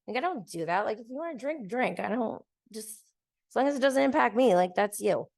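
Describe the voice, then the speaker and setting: A woman's voice: a little high, expressive, brisk, vocal fry, darkish tone. A woman hosting a podcast, casually telling a story in a chatty way, with many "like"s and light laughs. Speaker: podcast host.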